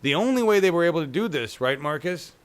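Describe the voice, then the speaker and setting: A man's voice: on the high side, animated, fast talker, clean tone. A man hosting a casual political chat show, talking loosely and profanely and often tagging on "right?". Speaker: show host.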